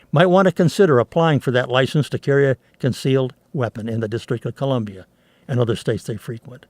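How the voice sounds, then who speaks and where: A man's voice: mid-range voice, a little mellow, dry recording. A man hosting a commentary show, reading news articles aloud and adding indignant remarks, with some stumbles and restarts. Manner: indignant, reads quotes aloud with restarts and asides. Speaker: commentary host.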